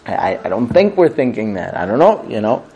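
A man teaching a religious class, telling stories in an animated way and often laughing. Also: on the low side, fairly quick, highs cut off. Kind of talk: storytelling religious lesson.

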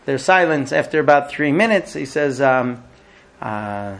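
A man teaching a class in a conversational way, telling an illustrative story with frequent hesitant pauses. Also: mid-range voice, slight background noise. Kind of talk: storytelling lecture.

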